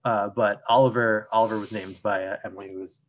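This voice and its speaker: A man's voice: on the low side, steady tone, fast, dull audio, a little hiss or hum. Rambling male podcast guest. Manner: rambling, hesitant with many fillers. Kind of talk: casual group chat.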